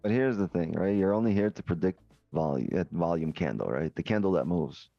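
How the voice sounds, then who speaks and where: A man's voice: low-pitched, animated, brisk, creaky, dry recording, highs cut off, faint music behind. A man co-hosting a trading stream, explaining in a rambling way with lots of rhetorical questions. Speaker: co-host trader. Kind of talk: casual explaining.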